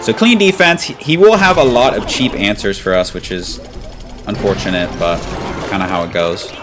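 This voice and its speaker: A man's voice: lowish voice, normal speed, background noise. A man giving casual live commentary over his own gameplay, calling out his plays and cheering on key moments. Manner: casual, breaks into excited chanting at big moments. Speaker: gaming commentator. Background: background music.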